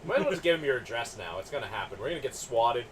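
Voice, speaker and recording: A man's voice: medium pitch, animated, rapid-fire. A young man co-hosting a podcast, chiming in with dry, sarcastic jokes in casual banter. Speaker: podcast co-host. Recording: distant mic, faint noise.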